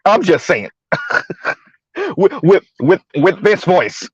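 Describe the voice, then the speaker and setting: A man's voice: high voice, huge pitch swings, extremely slow, breathy edge, no echo, dull audio. A man hosting a live stream, ranting and mocking as he comments, often swearing and laughing.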